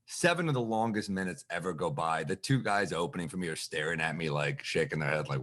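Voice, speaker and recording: A man with a fairly low voice tells a story on a podcast. He is animated and profane, and he acts out the back-and-forth as he goes. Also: fast talker, hardly any pauses. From New York. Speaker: comedian guest.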